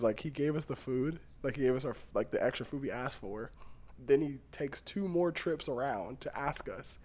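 A man's voice: medium pitch, animated, normal speed, a little mellow. Laid-back young man in casual chat. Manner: rambling, laughs often, many fillers. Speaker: podcast co-host.

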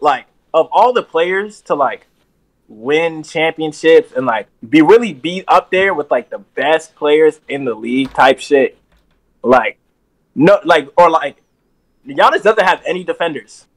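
A man co-hosting casual sports banter, telling stories in an animated, profane way and saying "bro" a lot. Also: on the high side, a little slow. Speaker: podcast co-host.

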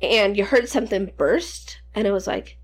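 A woman's voice: medium pitch, animated, normal speed, slightly rough. A woman in her twenties telling rambling, profane childhood stories in casual podcast chat. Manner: rambling, profane, laughing storyteller. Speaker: podcast co-host.

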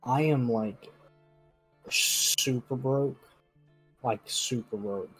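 A young man co-hosting a casual podcast, talking in a relaxed, rambling way with lots of fillers. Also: mid-range voice, extremely slow, breathy edge, faint music behind, low-quality recording. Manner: laid-back, rambling with fillers. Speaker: podcast co-host. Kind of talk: casual chat.

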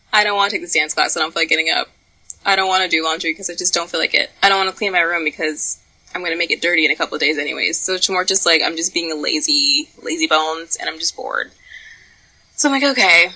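Young woman on a podcast, crisp bright tone, kinda low for a girl, salty and chatty. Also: poor audio. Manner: candid, profane, lively storytelling with laughs. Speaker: podcast co-host. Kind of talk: casual podcast chat.

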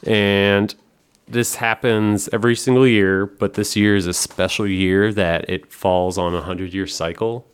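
A man with a very low voice hosts a podcast, talking loosely and at length. His speech is full of fillers like "like" and "um", and it is peppered with casual swearing. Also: steady tone, measured pace, clean tone. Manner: rambling, profane, full of fillers. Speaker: podcast host. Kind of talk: casual chat.

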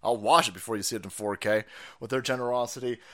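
A man hosting a profane political commentary stream, sarcastic and laughing, who breaks into loud mocking outbursts. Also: mid-range voice, steady tone, fast talker. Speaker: streamer host.

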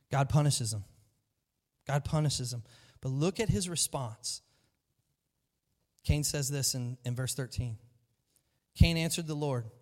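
A man preaching a sermon to his church, lively and emphatic, often acting out the voices of the people in his story. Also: mid-range voice, unhurried, long pauses. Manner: animated preaching, acts out quoted voices. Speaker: pastor. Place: large church hall. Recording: long hall reverb.

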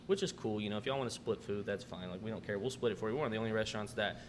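On the low side and very fast, this man's voice comes through background noise as he hosts a podcast. The restaurant manager relaxes into casual storytelling, cursing freely while voicing what his customers said.

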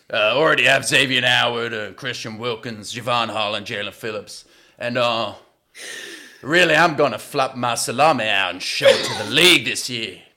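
A man's voice: mid-range voice, sharp tone, pitched below the performer's own voice. A man doing a brash, foul-mouthed football coach. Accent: shifting put-on accent with Italian words. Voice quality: crude, swaggering.

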